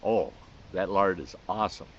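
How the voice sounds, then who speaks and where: A man's voice: low voice, lively intonation, moderate pace. Folksy man telling a story. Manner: folksy, rambling, with restarts and chuckles. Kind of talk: casual spoken storytelling. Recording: slightly muffled recording with faint hiss.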